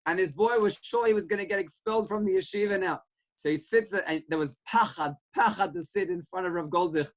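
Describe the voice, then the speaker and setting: A rabbi with a high-sitting, fairly quick voice gives an earnest Torah class over poor audio, telling a story and urging his listeners on. He mixes in Hebrew and Yiddish terms and grows animated when quoting.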